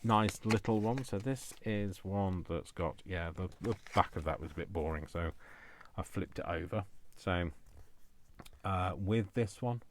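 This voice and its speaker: Deep-voiced man chatting while crafting. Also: moderate pace. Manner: rambling, talks to himself, jokey asides. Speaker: crafting video host. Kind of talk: casual chat while crafting.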